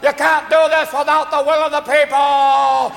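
A man's voice: very high voice, little pitch movement, moderate pace, gravelly, fairly bright tone, voice pushed up, exaggerated voice. A man doing an earnest, indignant impression of an old-movie hero, recorded live in an echoing hall. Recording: live club mic, echoing hall, crowd.

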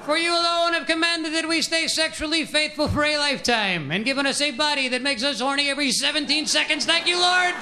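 A man's voice: very high voice, a little fast, few pauses, bright, forceful tone, voice pushed up, heavily acted. A man putting on a droning sing-song priest. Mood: pompous. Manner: pompous sing-song preaching, repetitive. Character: droning, frustrated middle-aged male priest. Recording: live audience laughter and room noise.

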